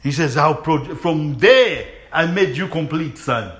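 Man preaching with bright, ringing tone. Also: on the high side, expressive, measured pace. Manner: call-and-response questions, laughing, exuberant shouts. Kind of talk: sermon.

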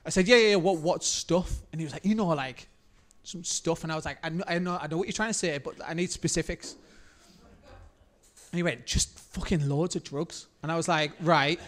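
A man's voice: on the high side, fairly quick. A man co-hosting a casual podcast, telling a rambling anecdote. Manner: rambling, full of fillers and restarts. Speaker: podcast co-host, musician. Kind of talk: casual chat.

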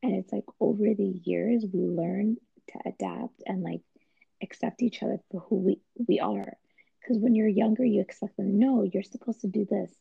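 A woman's voice: medium pitch, normal speed, vocal fry, breathy edge, no room sound. A woman chatting casually, easygoing and agreeable, speaking in short phrases. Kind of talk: casual chat. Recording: dull lo-fi recording.

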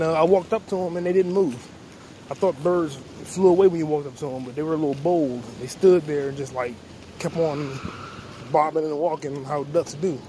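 High-voiced rambling man on a noisy street. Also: mellow. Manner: rambling, profane, joking to himself. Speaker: podcast host. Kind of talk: casual vlog monologue. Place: outdoors on a city street. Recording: outdoor street noise. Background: street traffic noise.

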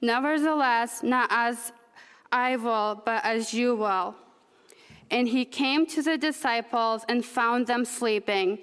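A woman with a Russian accent reads scripture aloud to a congregation at a very slow, careful pace. Her voice is smooth and clear, fairly high, and rings through a church sanctuary with a long reverb. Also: a bit bright. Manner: slow, careful, deliberate reading. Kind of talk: scripture reading.

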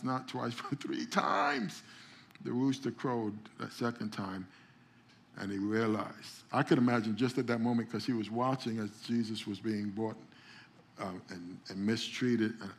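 A male pastor delivering a conversational sermon, repeating and restarting words as he goes and calling out to the congregation for responses. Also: medium pitch.

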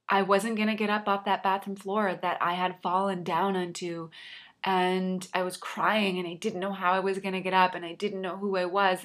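A woman's voice: fairly low pitch, fairly bright tone. A woman coach sharing a personal story in an earnest, reflective way, with a slight frog in her throat. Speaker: life coach.

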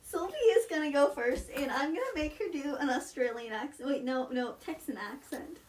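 A woman's voice: sits high, animated, brisk, roomy sound. A playful young woman co-hosting a casual podcast. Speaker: podcast co-host. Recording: distant mic with faint hiss.

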